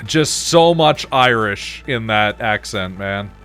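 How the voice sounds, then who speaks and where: A man's voice: lowish voice, animated, slow pace, fairly bright tone, clean tone, soft background music. A man casually commenting on a game he is playing while chatting with his viewers, loose and profane. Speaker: streamer.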